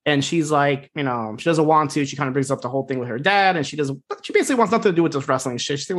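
A man's voice: on the high side, fast, fairly bright tone. A man co-hosting a podcast, casually recapping a TV episode in a rambling, filler-heavy way and swearing freely. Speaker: podcast co-host.

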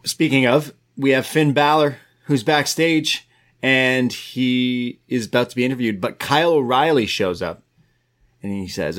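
A man co-hosting a podcast, recapping a wrestling show move by move in casual chat with quick asides. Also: mid-range voice, a bit bright. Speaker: podcast co-host.

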